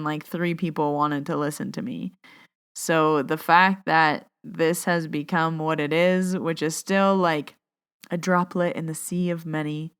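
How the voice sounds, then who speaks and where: Young woman, podcast host, lowish voice, smooth and clear, emotional, close to tears. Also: fairly bright tone. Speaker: podcast host and Reiki teacher. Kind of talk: casual chat and read guided meditation.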